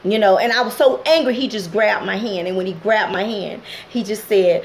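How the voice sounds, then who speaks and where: A woman's voice: mid-range voice, fairly quick, few pauses, slight background noise, rough recording. A middle-aged woman, speaking straight to her viewers as she recounts a painful family story. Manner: emotional, direct address to viewers. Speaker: channel host. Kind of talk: personal testimony vlog.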